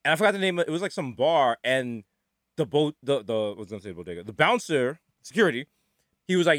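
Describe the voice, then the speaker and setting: A man's voice: medium pitch, fast talker, no room sound, clean studio sound. A man, a podcast co-host from New York and former nightclub security, telling stories in casual chat and acting out the people he quotes. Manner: animated storytelling, acts out quotes.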